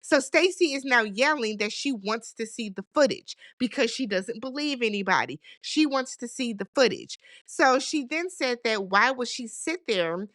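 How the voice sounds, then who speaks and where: A woman hosting a casual recap channel, chatty and sassy, quick to laugh. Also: a little high, expressive, a bit bright, dry recording, clean studio sound. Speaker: host.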